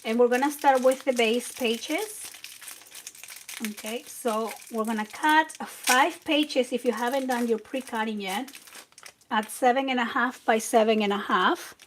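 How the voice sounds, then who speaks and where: A woman hosts a live crafting tutorial, chatting to viewers as she works. Her voice sits a little high and she talks slowly and easily. Steady background noise runs under the recording. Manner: chatty and relaxed, talks while working. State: a bit out of breath. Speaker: craft channel host.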